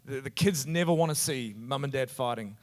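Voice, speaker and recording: A man's voice: medium pitch, fairly quick. A middle-aged man from New Zealand with a New Zealand accent, a pastor talking earnestly in a casual conversation on stage. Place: church hall. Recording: echoey hall reverb.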